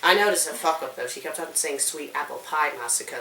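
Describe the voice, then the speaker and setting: A woman's voice: low-pitched, brisk, bright, forceful tone. Echoey distant young woman, rambling. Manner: rambling, conspiratorial, snaps in exasperation. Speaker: co-host of a fanfic review show. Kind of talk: casual chat. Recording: echoey room, distant mic, faint hiss.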